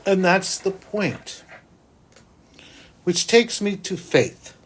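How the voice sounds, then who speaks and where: A man, a psychic hosting his own show, telling a personal story in a rambling, restarting way that swings between loud and hushed. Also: sits high, sing-song, extremely slow, breathy edge. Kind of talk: spiritual podcast monologue, personal storytelling.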